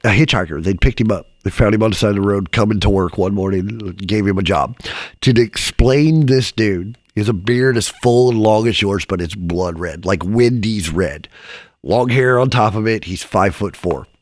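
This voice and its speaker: A man's voice: lowish voice, moderate pace, no room sound. A man in casual podcast talk, telling a rambling, crude anecdote in a small studio. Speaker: podcast guest, comedian. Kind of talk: casual storytelling.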